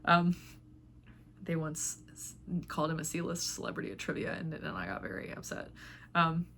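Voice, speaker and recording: Woman, casual vlog chat, rambling, filler-heavy, slightly low pitch. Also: lively intonation, moderate pace, fairly bright tone, a little hiss or hum. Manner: rambling, chatty, many filler words. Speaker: knitting vlog host.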